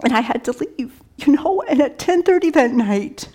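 A woman giving a personal testimony talk. She tells the story conversationally with many fillers, quoted dialogue, soft laughs and hushed whispers. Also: sits high, animated, normal speed. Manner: many fillers like "you know" and "like".

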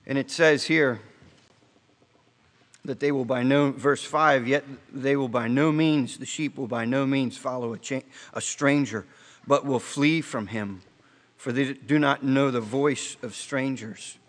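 A man preaching a sermon in a conversational, storytelling way, asking the congregation questions and slowing down to stress key points, with frequent restarts. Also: medium pitch. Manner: halting restarts, slows for emphasis. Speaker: pastor. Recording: long hall reverb.

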